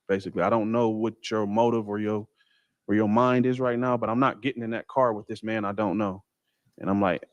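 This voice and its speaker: A man telling a personal story in a casual, halting way with many fillers and restarts. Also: lowish voice, no echo. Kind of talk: casual first-person account.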